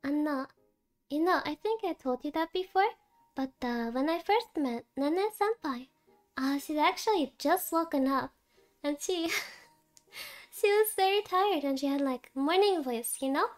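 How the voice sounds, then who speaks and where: This woman VTuber has a high, expressive voice and talks a little slowly. She's gaming and chatting casually with her viewers, cutesy and giggly with plenty of laughs despite sounding sleepy and tired.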